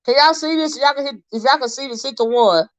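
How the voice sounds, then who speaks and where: A woman hosting a casual livestream commentary, talking straight to her viewers. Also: high voice. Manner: chatty, talks straight to viewers, halting restarts while reading posts aloud. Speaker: livestream host. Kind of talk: casual commentary on a crime case. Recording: slightly dull lo-fi stream audio.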